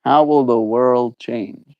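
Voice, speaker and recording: A South African man in his twenties, chatting with viewers in a slow, musing way during a stream. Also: mid-range voice, fairly even intonation, smooth, dry recording, dull audio. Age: 20s. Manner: slow, drawn-out and musing, laughs easily. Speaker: daily livestreamer. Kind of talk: reflective stream chat with viewers.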